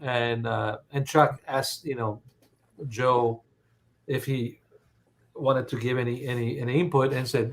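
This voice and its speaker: A man hosting a casual panel chat, speaking haltingly with many pauses and fillers. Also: mid-range voice, steady tone, slight background noise. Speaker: host.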